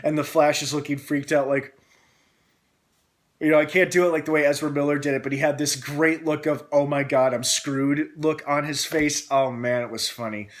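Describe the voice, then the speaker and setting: A young man hosting a casual film review, excitable and gushing, acting out scenes as he retells them. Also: fairly high pitch, moderate pace.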